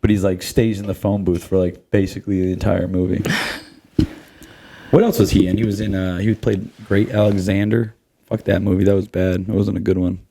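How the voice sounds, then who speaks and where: Low-voiced rambling man. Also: flat delivery, brisk, gravelly, dark tone, a little hiss or hum. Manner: rambling, filler-heavy, laughing. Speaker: podcast host. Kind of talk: casual comedy podcast chat.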